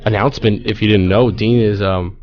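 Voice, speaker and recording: A man's voice: fairly low pitch, fairly even intonation, brisk, muffled recording. A young man co-hosting a college radio sports show, bantering eagerly with friends in the studio.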